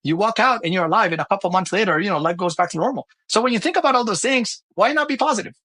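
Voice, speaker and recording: A middle-aged man with a high, quick voice, talking as a podcast guest. He is animated and blunt, swears freely and slips into acted-out dialogues. The sound is dry and close. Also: slightly rough, no room sound. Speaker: podcast guest, company founder. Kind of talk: casual interview talk.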